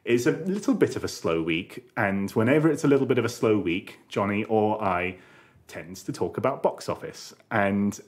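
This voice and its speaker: A man's voice: fairly low pitch, lively intonation, moderate pace. Playful podcast co-host man. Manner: playful, plays along with jokes. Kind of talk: casual chat.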